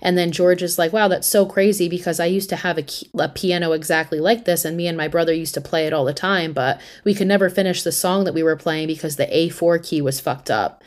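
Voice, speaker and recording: A woman hosting a podcast, recapping a horror movie in a casual, animated, profane and slangy storytelling manner. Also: fairly low pitch, brisk, hardly any pauses. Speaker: podcast host.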